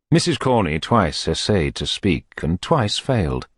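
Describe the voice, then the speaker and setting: A man narrating a classic novel as an audiobook reader, in expressive, lively storytelling. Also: sits low, unhurried, hardly any pauses, husky, dry recording, clean studio sound.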